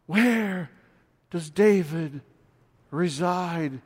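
A man preaching a sermon, reading scripture and speaking with passion that builds to near shouts. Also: high voice, extremely slow, husky. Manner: impassioned, rising to shouts when quoting. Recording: long hall reverb.

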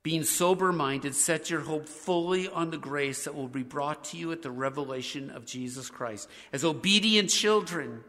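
A man's voice: fairly high pitch, moderate pace, hardly any pauses, pushed and bright, long reverb tail. A man preaching a sermon as pastor, speaking earnestly as he reads scripture aloud and leads his congregation in prayer.

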